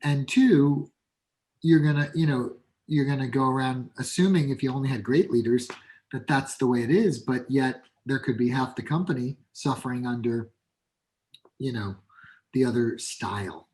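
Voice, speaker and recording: A man's voice: mid-range voice, moderate pace, a little mellow. A man with a New York accent, a workplace coach speaking as a guest in a casual interview, blunt and emphatic. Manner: blunt, emphatic, acts out example dialogues. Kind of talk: conversational podcast interview.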